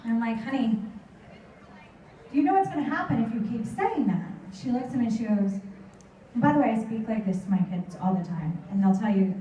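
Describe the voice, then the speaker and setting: A middle-aged woman with a high, mellow voice gives a motivational talk to a live audience. She tells lively stories and slips into her children's voices. She is heard from well off the mic in a very echoey hall. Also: brisk, distant mic, slight background noise. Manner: animated storytelling, acts out her kids' voices. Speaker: motivational speaker.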